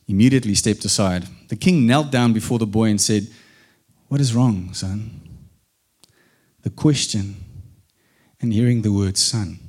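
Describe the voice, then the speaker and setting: A man calmly narrating a fairy-tale story, unhurried, with small restarts. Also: fairly low pitch.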